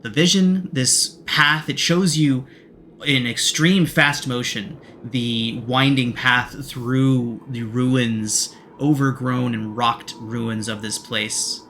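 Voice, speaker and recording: A man running a tabletop game, narrating scenes in a measured, descriptive way. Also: medium pitch, fairly even intonation, pushed and bright, slight background noise. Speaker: game master.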